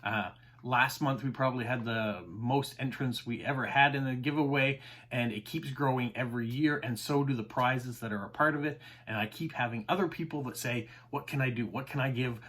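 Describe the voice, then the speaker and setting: This is a man speaking at a moderate pace with a medium-pitched, fairly bright voice. On his stamp collecting channel, he chats enthusiastically to camera, explains terms, and uses "uh" a lot.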